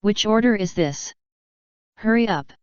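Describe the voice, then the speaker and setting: A woman's voice: mid-range voice, expressive, measured pace, smooth, dry recording, highs cut off, voice pushed up, lightly acted. A woman reading the lines of an arrogant, impatient male ninja in a brusque, curt way.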